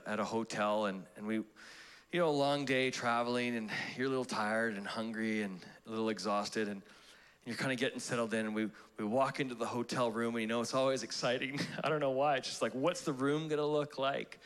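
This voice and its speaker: A man's voice: medium pitch, steady tone, brisk, a bit bright, smooth. A pastor preaching a sermon, telling a personal story in a conversational way, laughing at himself and restarting his sentences. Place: church auditorium.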